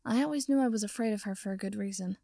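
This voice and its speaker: A woman voicing a good-natured, teasing young male wizard, with a slightly gravelly voice. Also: mid-range voice, racing, mellow, no room sound, studio quality, close to an everyday voice. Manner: teasing, amused.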